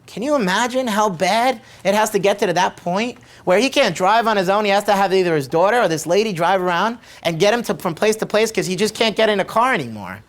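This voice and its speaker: A man's voice: high-pitched, animated, fast talker, hardly any pauses. A middle-aged man, a chiropractor, telling a patient story to camera in a conversational way and repeating his questions for emphasis. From United States.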